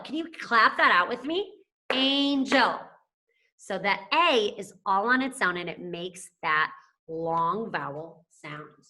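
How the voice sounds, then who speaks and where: A woman's voice: on the high side, sharp tone. A woman teacher giving a phonics lesson to young children, stretching out and stressing words so they can follow. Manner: slow, drawn-out words stressed for young learners.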